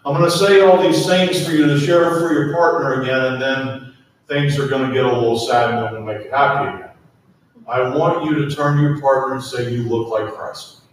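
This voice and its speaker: A man's voice: medium pitch, fairly even intonation, fairly quick, a little hiss or hum. A man preaching a sermon in a church, earnestly asking the congregation to repeat lines to their neighbors. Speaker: pastor. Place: church sanctuary. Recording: echoey sanctuary from far off.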